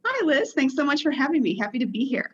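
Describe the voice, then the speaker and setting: A woman's voice: high voice, sing-song, fast. Woman guest on dull remote audio. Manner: conversational, reflective, some hesitations. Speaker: podcast guest, author. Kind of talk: casual interview talk.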